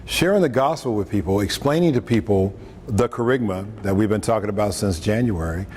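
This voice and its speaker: A man's voice: fairly low pitch, expressive, fairly quick, a little mellow. A man preaching on scripture in a conversational way, with joking asides and acted-out quotes. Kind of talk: lunchtime talk on scripture. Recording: echoey hall, faint room noise, mic at a distance.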